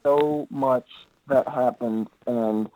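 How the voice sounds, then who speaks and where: An easygoing male actor chatting in an interview, his speech loose and rambling, full of filler words. His voice sits in an ordinary middle pitch. The recording is dry, with no room echo. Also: steady tone, slow, warm tone. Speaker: actor guest. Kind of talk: casual interview chat.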